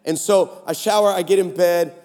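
A man preaching at a conference, telling a comic story with animated delivery and playful voices for the people in it. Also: high voice, normal speed, in a large hall. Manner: animated, acts out texts in funny voices. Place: large conference hall.

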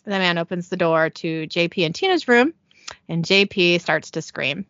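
A woman's voice: on the low side, lively intonation, moderate pace, a bit bright, dry recording, lo-fi sound. A woman hosting a podcast, giving a chatty, giggly, irreverent recap of a TV episode. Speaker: podcast host.

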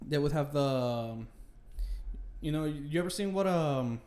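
A man's voice: a little high, animated, unhurried, a little mellow. A young man chatting casually, rambling through a memory with many fillers and slang. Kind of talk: casual chat.

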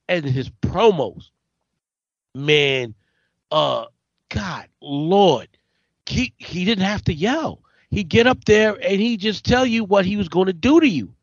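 A man hosting a casual chat, excitable, stammering and repeating himself for emphasis. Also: high-pitched, dry recording. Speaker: podcast host. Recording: dull, dry lo-fi recording.

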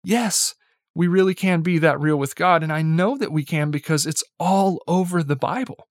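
A young man delivers a casual, chatty sermon in a slightly higher voice, sprinkling in "like" and "right?" and chuckling lightly as he goes. The sound is close and dry. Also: moderate pace, no room sound. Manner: conversational, peppered with "like" and "right?"; chuckles lightly while speaking. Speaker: preacher.

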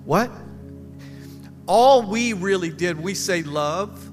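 A man's voice: sits high, expressive, takes it slowly, long reverb tail, soft background music. A man pastor leading a church panel, speaking in an emphatic, folksy way and repeating himself. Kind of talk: church panel talk, preaching. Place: church service.

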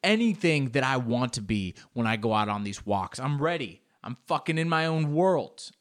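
A young man delivering a profane, animated comic monologue, acting out bits in high put-on voices. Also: normal speed. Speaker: comedian. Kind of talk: stand-up style comic monologue.

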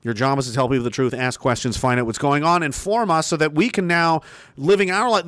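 A man ranting profanely on a casual livestream, reading out viewer comments and swinging from loud emphasis to mutters. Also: fairly high pitch, a little fast, no echo. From Canada.

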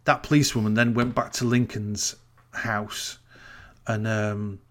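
A man's voice: lowish voice, level tone, measured pace, fairly bright tone. Incredulous man ranting. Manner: incredulous, ranting storyteller, sweary. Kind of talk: casual podcast chat recapping a TV episode.

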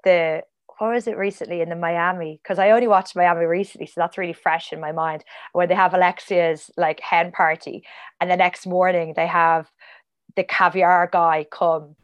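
A woman talking as a podcast guest in relaxed conversation, her voice sitting a little low. She rambles happily, drifts into tangents and fills her sentences with "like" and "um". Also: moderate pace. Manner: chatty, rambling, many fillers and tangents. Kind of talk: casual podcast chat.

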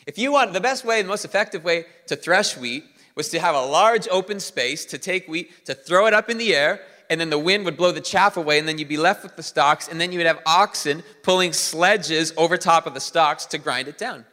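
A man preaching a sermon as pastor, animated and drawing the congregation in. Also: fairly high pitch, fairly quick, hardly any pauses, big-room sound.

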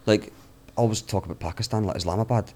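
Fast-talking man telling stories. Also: lowish voice. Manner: animated storyteller, swears freely, acts out quotes. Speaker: travelling guest. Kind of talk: casual podcast storytelling.

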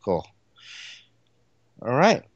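一位男性播客联合主持人，随意闲聊，说话啰嗦，常带填充词，笑声不断。. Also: male voice, drawn-out words, no echo, dull audio. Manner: rambling, filler-heavy, laughs easily. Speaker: podcast co-host. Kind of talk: casual chat.

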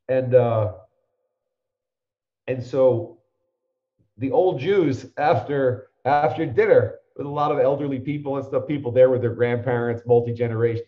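A man in his fifties spins a long, winding story, slipping into the voices of the people in it. His voice sits at an ordinary middle pitch. The recording sounds roomy and a bit muffled. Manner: rambling anecdotes, acts out the people he quotes. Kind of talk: conversational storytelling.

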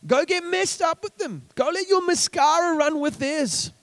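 Kiwi preacher, man with a high voice, repeats himself, rallies the congregation. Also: lively intonation, normal speed. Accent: New Zealand. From New Zealand. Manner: repeats words as he builds, calls out to the congregation. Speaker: pastor. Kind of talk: sermon.

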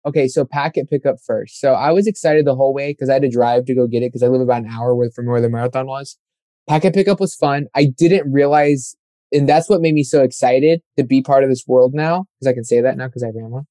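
Chatty young man, dark dry voice. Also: medium pitch, fairly even intonation, fast talker, dry recording. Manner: rambling, filler-heavy, acts out quoted voices. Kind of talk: casual storytelling chat.

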